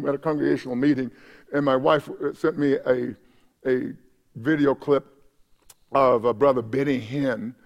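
A man preaching a sermon as pastor of a church, impassioned, with shouted peaks and repeated words. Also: a little high, creaky. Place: church sanctuary.

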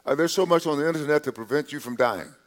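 A male pastor preaching a sermon in a conversational way, repeating and restarting words, dropping to quiet asides and rising on key points. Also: a little high, fast talker. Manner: drops to quiet asides, rises on emphasis.

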